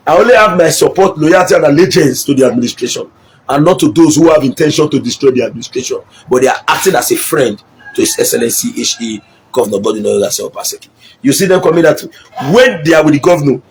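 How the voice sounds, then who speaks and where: A man's voice: on the high side, a little hiss or hum. A middle-aged Nigerian man giving an impassioned political speech, mixing Pidgin with English and repeating his points for emphasis. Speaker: local politician.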